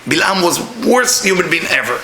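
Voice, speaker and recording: Israeli-accented middle-aged male teacher, high bright voice, blunt joking storyteller, echoey room. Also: very animated, moderate pace, slight background noise. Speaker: kabbalah teacher. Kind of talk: spiritual talk.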